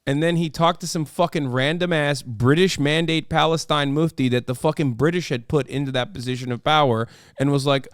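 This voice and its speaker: A man's voice: fairly high pitch, fairly quick, smooth, no room sound, studio quality. A man hosting a stream, giving casual political commentary in a heated, profane way. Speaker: streamer host.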